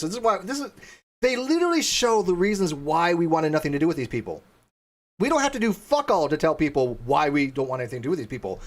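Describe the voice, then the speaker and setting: A man from Los Angeles hosting a casual livestream chat, blunt and swearing, reading viewer comments aloud. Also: fairly high pitch. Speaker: show host.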